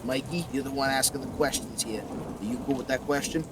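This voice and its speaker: A man narrating a tabletop role-playing game as game master, in slow, vivid, descriptive narration. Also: medium pitch, background noise.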